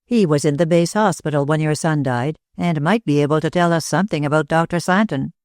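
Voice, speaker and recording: Storybook part: a wry, doubtful young man, read by a woman with a low voice. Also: fairly quick, a little mellow, no echo, studio quality, natural voice. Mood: skeptical. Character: skeptical young man, doubtful, a bit mocking.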